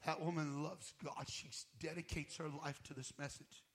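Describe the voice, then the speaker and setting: A male guest minister preaching a sermon, telling his own story with emotion, swinging from fervent loud passages to hushed near-whispers. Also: fairly high pitch, level tone, moderate pace. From United States. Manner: emotional testimony, voice rising to loud fervor and dropping to near-whisper.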